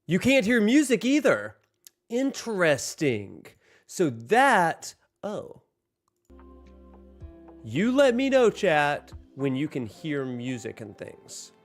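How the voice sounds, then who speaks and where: A man's voice: a little high, huge pitch swings, slow pace, soft background music. A man hosting a casual livestream from home, joking, laughing often and chatting directly to his viewers. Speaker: livestream host.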